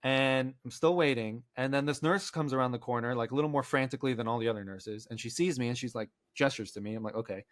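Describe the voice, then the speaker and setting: A man's voice: medium pitch, fast talker, hardly any pauses, no echo. A man co-hosting a podcast, telling a long story in a rambling, casual way and acting out what others said, with many filler words. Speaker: podcast co-host. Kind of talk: casual storytelling among friends.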